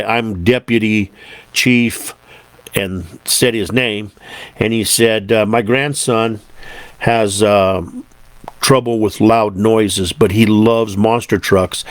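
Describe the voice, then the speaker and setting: A man's voice: fairly low pitch, no room sound. A man hosting a show, telling a long casual story in a laid-back, rambling way, full of fillers and restarts. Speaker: show host.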